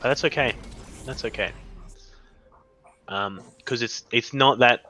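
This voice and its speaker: A young man commentating a live esports match, excitable and rambling, often tripping over his words. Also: medium pitch, unhurried, slight background noise. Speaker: esports caster.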